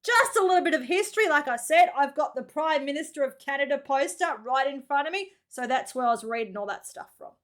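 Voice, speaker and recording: A woman's voice: high-pitched, animated, fast, few pauses. An Australian woman hosting a reaction video, talking casually and exclaiming often in slangy chat.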